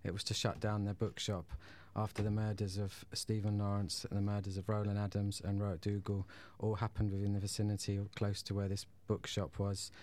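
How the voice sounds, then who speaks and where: A man speaking as a guest in a radio studio, in a low voice with a flat, steady tone. He talks hesitantly, pausing with ums and restarting sentences. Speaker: guest, former prisoner. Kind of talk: radio interview, personal story.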